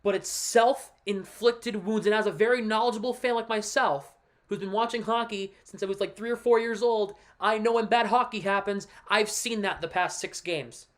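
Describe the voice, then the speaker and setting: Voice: medium pitch, steady tone, normal speed. Hockey streamer breaking down plays then venting, fed up and emphatic, just talking to chat. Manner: frustrated, ranting, emphatic; walks viewers through a play by pointing on screen. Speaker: livestream host and hockey fan. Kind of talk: casual livestream commentary on a game.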